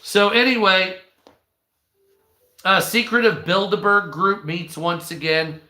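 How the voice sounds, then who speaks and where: A man's voice: high-pitched, steady tone, slow, sharp tone, reverberant. A man giving casual, rambling commentary on news articles, swearing freely and drifting into offhand asides.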